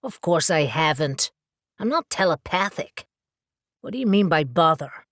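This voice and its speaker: Woman doing a gruff, blunt, swearing man. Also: low-pitched, sing-song, measured pace, a bit bright, no room sound, clean studio sound, heavily acted. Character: gruff blunt male supernatural dealer.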